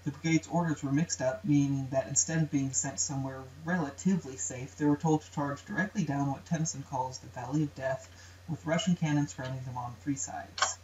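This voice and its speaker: A man's voice: medium pitch, steady tone, fairly quick, darkish tone. A young man, a student presenter, narrates an educational video in a plain explanatory way, sometimes chanting rhythms aloud. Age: young adult. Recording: roomy, distant, dull amateur recording with faint hiss.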